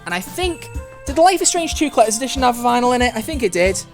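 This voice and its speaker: A man's voice: extremely high pitch, sing-song, very fast. A young man hosting a let's play, reading a visual novel aloud and reacting in a chatty, fretting way. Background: soft game music.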